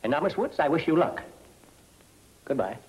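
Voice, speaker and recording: An actor playing a nervous attorney in a 1940s film, urgent, clipped and impatient. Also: male voice, on the high side, very animated, normal speed, noisy background. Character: nervous, hurried male lawyer.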